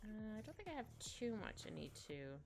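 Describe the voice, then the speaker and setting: A woman's voice: mid-range voice, big pitch swings, a little fast, gravelly. A woman chatting casually while she draws on a live stream, rambling and giggly, with many little asides. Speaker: digital artist streaming her drawing. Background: soft background music.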